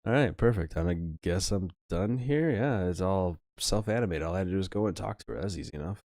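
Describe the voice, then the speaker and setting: A man's voice: deep voice, fairly quick, a little mellow, dry recording, studio quality. A young man giving casual, chatty let's-play commentary over an old adventure game, swearing offhandedly.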